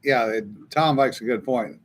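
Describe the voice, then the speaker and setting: A man's voice: mid-range voice, moderate pace, slight background noise. A man with a South Louisiana Cajun accent hosting a laid-back casual chat. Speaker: host.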